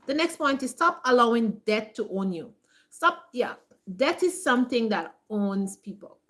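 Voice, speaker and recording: A homesteading vlogger with a bright, fairly high-pitched voice talks to her viewers very animatedly, in a casual motivational vein. She's emphatic and repetitive, full of "like" fillers, and acts out others' voices in brief asides.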